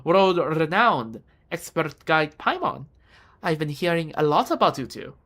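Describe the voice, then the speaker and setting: A woman's voice: low voice, normal speed, a bit bright. A woman voicing a confident, flirty female bodyguard with a teasing manner, reading game dialogue aloud. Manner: teasing, playful.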